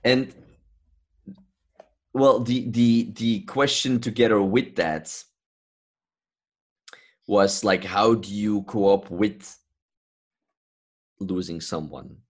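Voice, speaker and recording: A man's voice: lowish voice, drawn-out words, long pauses, darkish tone. A man hosting a reflective conversation, thoughtful and affirming, with frequent filler sounds. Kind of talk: reflective conversation about healing trauma.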